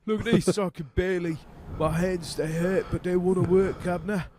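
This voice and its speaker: A man's voice: high voice, fairly even intonation, brisk, noisy background, pitched above the performer's own voice, lightly acted. A man doing an exaggerated Cockney working-man voice. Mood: mock-pleading. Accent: Cockney, put on.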